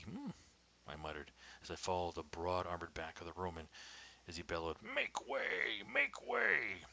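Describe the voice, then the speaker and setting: A man narrating his own first-person story at a measured pace, often dropping to a hushed whisper. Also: low voice, low-quality recording.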